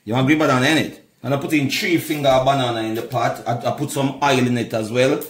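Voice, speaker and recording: A man's voice: medium pitch, fairly even intonation, fast talker, roomy sound. A man with a Jamaican accent chatting casually to his viewers as he cooks and shows his food. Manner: chatty, keeps calling viewers "my people". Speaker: cooking vlogger. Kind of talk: casual cooking vlog.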